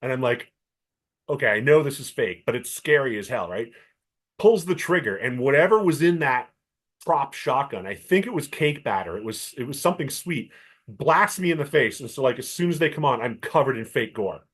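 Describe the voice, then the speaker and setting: Animated storytelling man. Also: mid-range voice, normal speed, breathy edge. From Canada. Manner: animated storyteller, acts out quoted voices. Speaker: podcast co-host. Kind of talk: casual chat.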